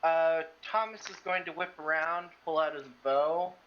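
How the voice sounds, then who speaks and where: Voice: medium pitch, a little slow, lo-fi sound. A player chatting casually at a tabletop game, wry and offhand.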